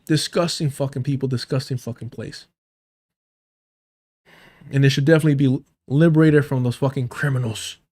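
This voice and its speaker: A man's voice: mid-range voice, fairly even intonation, moderate pace, pauses often, darkish tone, slightly rough. A man hosting a livestream, giving sarcastic, profane reaction commentary and talking straight to his chat. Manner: addresses chat directly. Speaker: livestream host.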